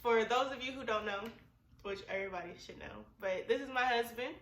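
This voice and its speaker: A young woman chats with her husband in an easy, slangy, giggly way. Her voice sits a little high. It comes from some distance off the mic, in a room with a roomy echo. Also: a little fast, fairly bright tone. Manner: laid-back, giggly, slangy. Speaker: vlogger host. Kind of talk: casual chat.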